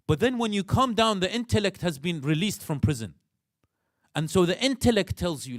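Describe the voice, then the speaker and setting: Animated Iraqi-accented man lecturing in a mosque. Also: high-pitched, moderate pace, no echo, clean studio sound. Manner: animated, acts out inner voices, asks the audience questions. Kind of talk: religious lecture.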